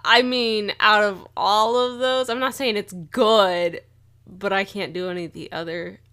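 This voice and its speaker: Bright, giggly young woman. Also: medium pitch, fairly even intonation, unhurried. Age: young adult. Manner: giggly, chatty, lots of "like". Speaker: vlogger, co-host with partner. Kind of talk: casual couple chat.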